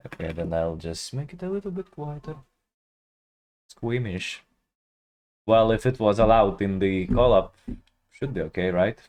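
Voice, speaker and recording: A man streaming himself as he reacts to videos, talking in a relaxed, hesitant way with lots of "like". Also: fairly low pitch, normal speed. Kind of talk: casual reaction commentary.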